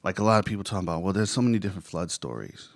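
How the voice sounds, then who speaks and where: A man's voice: low voice, animated, very fast, gravelly, dry recording, clean studio sound. A man talking casually and earnestly about a worship song's lyrics, often asking rhetorical questions. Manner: conversational, earnest, with many fillers and rhetorical questions. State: emotional. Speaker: host reflecting on a worship song. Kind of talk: casual devotional talk.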